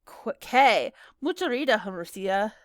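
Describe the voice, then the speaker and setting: A woman voicing an affectionate adult babysitter who speaks halting English with a Spanish accent. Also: medium pitch, lively intonation, no echo, clean studio sound, natural voice. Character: warm adult female babysitter.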